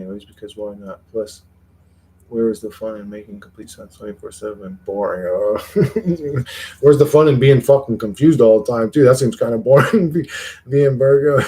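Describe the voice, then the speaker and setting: A man's voice: medium pitch, dark tone. A man hosts a casual livestream and chats loosely with his viewers. He rambles, swears often, and repeats words as he starts his sentences. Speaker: livestream host reading chat.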